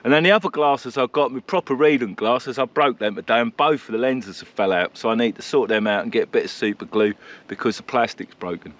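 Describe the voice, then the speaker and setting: A vlogger camping at a countryside campsite chats casually to the camera, often laughing and poking fun at himself. His voice is medium-pitched and a bit bright, and he talks a little fast.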